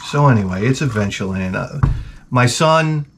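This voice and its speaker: A man's voice: lowish voice, vocal fry, background noise. A hungover man hosting a video, telling rambling comic stories full of swearing and sound effects. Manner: profane, animated storytelling with sound effects. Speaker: video host.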